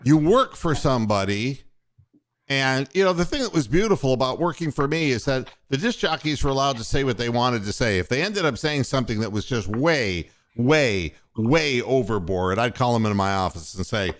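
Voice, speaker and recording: Older man telling rambling, lively stories. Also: medium pitch, normal speed. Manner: rambling, profane storytelling. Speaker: podcast host and former radio station boss. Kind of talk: casual sports talk.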